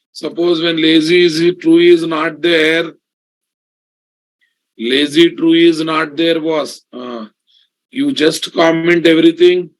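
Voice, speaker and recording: A man teaching a live coding lesson, repeating his points and calling the class "guys" and "boss". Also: on the high side. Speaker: programming instructor.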